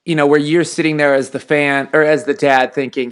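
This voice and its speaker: A man's voice: on the high side, steady tone, moderate pace, clear, resonant tone. Talkative man telling stories. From Texas. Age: 30s. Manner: storytelling, acts out dialogue, laughs while telling. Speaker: podcast host and high school football coach. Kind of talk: casual podcast conversation.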